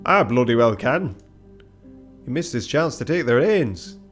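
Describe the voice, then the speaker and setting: A man's voice: medium pitch, sing-song, a little slow, faint music behind. A man voicing a brash, angry male ship engineer who swears and barks orders. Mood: impatient. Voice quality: loud and gruff, swearing.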